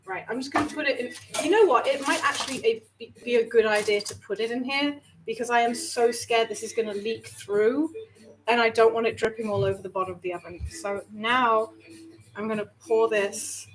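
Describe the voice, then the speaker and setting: A woman's voice: a little high, moderate pace, background noise. A woman chatting to viewers while baking, flustered, nervous and self-mocking. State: nervous and overheated. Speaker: vlogger baking on stream. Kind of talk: casual chat while cooking.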